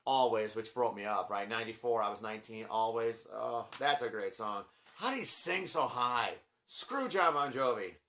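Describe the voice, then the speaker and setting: A man's voice: on the low side, moderate pace, fairly bright tone. Gushing, rambling man in his forties. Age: 40s. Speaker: vlogger ranking his album collection. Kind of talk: casual collection vlog.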